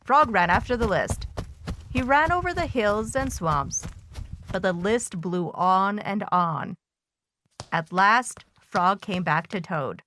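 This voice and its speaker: A woman reading a children's storybook aloud in a slow, expressive way. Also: mid-range voice, slight background noise.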